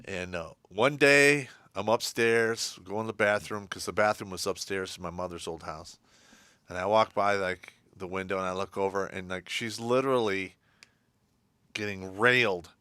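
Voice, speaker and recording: A man's voice: deep voice, normal speed, sharp tone, clear, resonant tone, dry recording. A man co-hosting a casual livestream chat, telling a story and laughing through the punchlines. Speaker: co-host.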